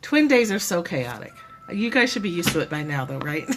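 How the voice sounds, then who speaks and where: A woman's voice: fairly low pitch, lively intonation, measured pace, noisy background. A woman hosting a casual live stream from home, musing aloud, correcting herself and laughing easily. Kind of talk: casual reflective chat. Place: home room. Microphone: propped-up phone or camera.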